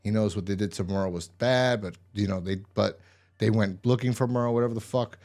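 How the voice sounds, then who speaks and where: A man's voice: on the low side, brisk, darkish tone. A man casually recapping a TV episode, rambling and swearing, with exasperated asides. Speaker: TV episode reviewer.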